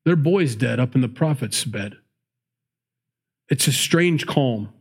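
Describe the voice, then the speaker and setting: During a sermon, a preacher reads verses and pauses for chatty digressions, correcting himself as he goes. His mid-range voice is expressive and slow, with a breathy edge.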